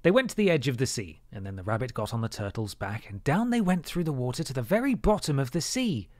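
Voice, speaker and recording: A male streamer reads a story aloud on a livestream, relaxed and wry, dropping joking asides into the narration. His voice sits at a middling pitch. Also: quick pace, no room sound, clean studio sound. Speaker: streamer and co-host.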